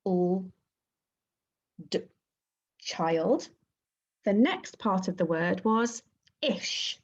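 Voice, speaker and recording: A woman teaching a phonics lesson to young children, sounding out letters and syllables clearly and praising the class. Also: mid-range voice, lively intonation, very slow, muffled recording. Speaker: primary school teacher.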